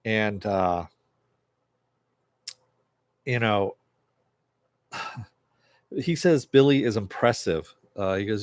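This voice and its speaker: Excitable, cursing man recapping a show. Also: lowish voice, drawn-out words, long pauses, no echo. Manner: retells scenes, acting out lines with "he goes"; excitable and profane. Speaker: TV episode reviewer. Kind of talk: casual spoken episode recap.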